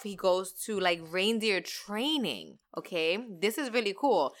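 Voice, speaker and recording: A woman hosting her own podcast, ranting in a casual, animated way with lots of slang and swearing. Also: lowish voice, clean tone. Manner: animated, slangy and profane, talks fast. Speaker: podcast host. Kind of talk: casual solo podcast rant.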